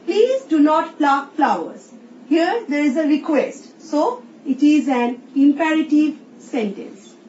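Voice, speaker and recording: A woman teacher with an Indian English accent, slowly explaining a recorded English lesson and reading example sentences aloud. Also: high-pitched, expressive, darkish tone. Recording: roomy, distant, dull sound with faint hiss.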